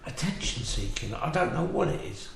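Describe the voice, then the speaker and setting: A man's voice: on the high side, sing-song, normal speed, creaky. Dry-voiced man in an echoey room. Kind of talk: casual banter. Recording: echoey room, distant mic, faint noise.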